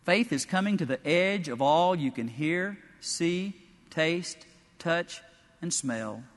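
A man preaching a sermon in a church sanctuary, telling stories with animated, emphatic delivery. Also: fairly high pitch, slow pace, long reverb tail. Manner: animated storytelling preaching, rising to emphatic peaks.

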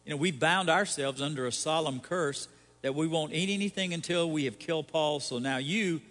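A man's voice: fairly high pitch, moderate pace, fairly bright tone, long reverb tail. A man, a pastor, giving a conversational sermon with rhetorical questions and light humor.

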